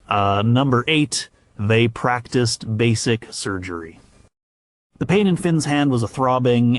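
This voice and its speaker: Low-voiced man narrating a documentary. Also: no echo. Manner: measured, with occasional stumbles.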